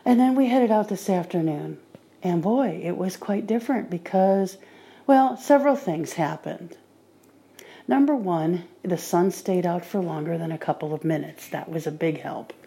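A woman talking on her own podcast in a casual monologue, calmly recounting her day. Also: fairly low pitch, moderate pace, gravelly. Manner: relaxed diary-like recounting. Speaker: podcaster training with a guide dog.

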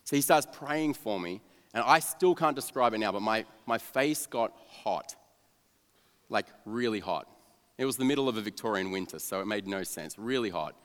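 A young man, a youth pastor, telling a story of his own to an audience in a self-mocking, animated way, dropping to a flat mumble for his cynical asides. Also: on the low side, normal speed. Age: young adult. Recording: long reverb of a large hall.

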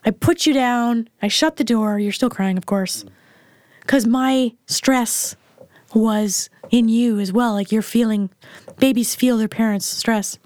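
Middle-aged mother as interview guest, blunt candid storyteller, slightly higher register, dry room. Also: unhurried, darkish tone, no room sound. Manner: frank and blunt, plain-spoken.

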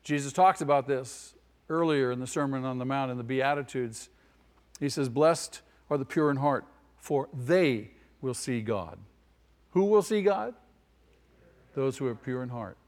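A man's voice: medium pitch, expressive, measured pace. A male pastor gives an emphatic sermon in a church hall. He repeats his key phrases and puts questions straight to the congregation. His voice carries a long hall reverb around it.

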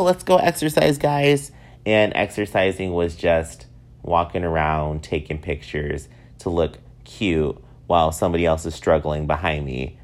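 A man in his thirties from upstate New York, telling self-mocking stories in a casual, animated way. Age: 30s. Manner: animated, self-mocking, swings up high for acted quotes. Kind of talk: casual storytelling monologue.

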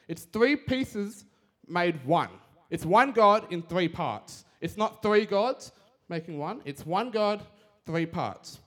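Animated young man preaching. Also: high voice. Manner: energetic and fast-talking, casual slang. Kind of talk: sermon.

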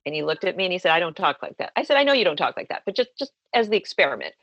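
A woman's voice: on the low side, very animated, very fast, a bit bright, breathy edge, no echo, lo-fi sound. A woman therapist telling the story of a client session and acting out both sides of the conversation. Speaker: sex therapist. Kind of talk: storytelling in an interview.

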